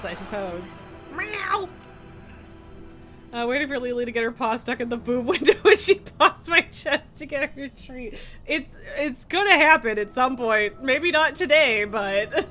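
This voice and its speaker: A woman streaming a game live, chatting casually, laughing often and swearing freely. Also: a little high. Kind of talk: casual live gameplay commentary.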